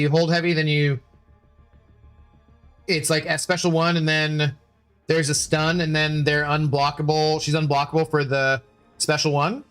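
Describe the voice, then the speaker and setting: A man's voice: on the high side, fairly bright tone, clean tone. A man chatting casually on a livestream, reading chat aloud and rambling playfully with many self-corrections.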